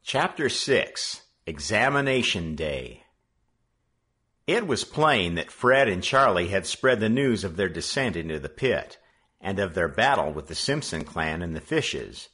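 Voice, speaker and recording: A man reading a children's novel aloud in an expressive, measured way. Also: deep voice, slightly rough. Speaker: audiobook reader. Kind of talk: read-aloud narration.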